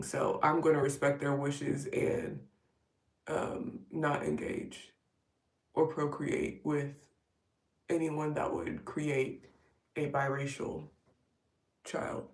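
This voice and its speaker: A woman's voice: low-pitched, darkish tone. Chatty woman, roomy and distant. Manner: chatty, rambling, wry asides. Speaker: vlogger doing a live get-ready stream. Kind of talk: casual chat while doing makeup. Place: at home getting ready.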